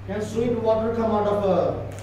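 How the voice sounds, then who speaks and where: Male preacher, high-pitched, emphatic and repetitive, recorded far off in an echoing church. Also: flat delivery, normal speed, mellow, slight background noise. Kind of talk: church sermon. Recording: echoey church hall from far off.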